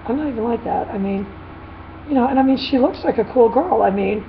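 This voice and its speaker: A woman dog trainer chatting casually in a vlog, retelling a dispute in an animated, rambling way with frequent laughs. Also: fairly high pitch, fairly quick, creaky. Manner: animated storytelling, laughs often. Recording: dull lo-fi with faint noise.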